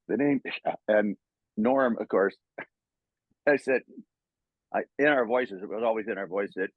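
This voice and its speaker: A man's voice: lowish voice, takes it slowly, long pauses, no room sound, narrow, tinny audio. An older Canadian man telling stories in a casual interview, laughing often and stammering as he acts out old quotes. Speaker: voice actor guest.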